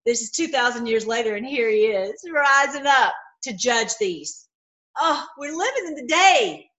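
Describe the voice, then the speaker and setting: A woman giving an informal, impassioned sermon, swinging between loud outbursts and low murmurs, with many repeated words. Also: lively intonation, unhurried. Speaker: preacher.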